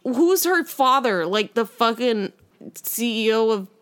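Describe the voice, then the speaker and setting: A woman's voice: a little slow, clean tone. A young woman co-hosting a podcast, chatting casually and animatedly, swearing freely as she tells stories. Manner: animated, swearing, jumps into high excited squeals. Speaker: podcast co-host. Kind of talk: casual chat.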